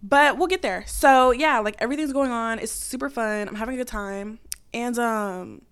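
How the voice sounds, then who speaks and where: A woman's voice: on the high side, moderate pace, a bit bright, clean tone. A young woman hosting a podcast, telling a story in casual chat, giggling often and filling her speech with "like" and "um". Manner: chatty, giggly, heavy filler words. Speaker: podcast host.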